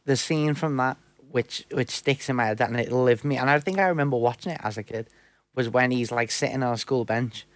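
A young man co-hosts a relaxed podcast, chatting and laughing along with his friends. His voice sits at an ordinary pitch and is recorded close and dry, with no room sound. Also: a little fast, no room sound. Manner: chatty, laughs along, repeats words when starting. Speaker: podcast co-host. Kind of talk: casual chat.

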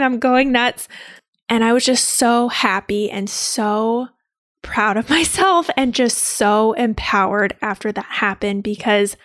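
A young woman who works as a labor and delivery nurse tells the story of her own birth in a heartfelt, excitable way. Her voice sits a little high. The sound is dry and close. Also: unhurried, dry recording. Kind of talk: personal birth story told to an audience.

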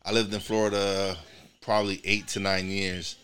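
Bright-voiced rambling podcast host, a man. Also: deep voice, flat delivery, normal speed, clean tone. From New York. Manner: rambling, many restarts and repeated words. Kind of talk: casual interview chat.

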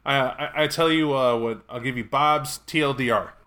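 A man's voice: medium pitch, moderate pace, bright, forceful tone. A man co-hosting a casual podcast as a game master, making emphatic, sarcastic rhetorical points. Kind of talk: casual chat.

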